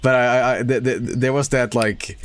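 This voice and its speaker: A man streaming a game, chatting casually and rambling through a story, swearing and laughing loudly. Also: medium pitch, fairly even intonation, normal speed, background noise. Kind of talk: casual live-stream chat while gaming.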